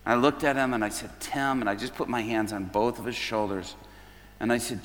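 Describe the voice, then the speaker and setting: A man's voice: mid-range voice, steady tone, a little fast, a bit bright, a little hiss or hum. A man preaching at an evening service, telling a story and acting out the dialogue line by line. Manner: retells events as dialogue, quoting each person. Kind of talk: storytelling sermon. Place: church hall at an evening service. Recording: long reverb of a large hall.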